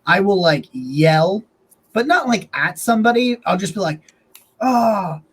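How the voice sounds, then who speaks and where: Man, podcast co-host, husky voice, chatty, laughs while talking. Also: high voice, lively intonation, moderate pace, fairly bright tone. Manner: chatty, laughs through his stories, many "like" fillers. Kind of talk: casual sports chat.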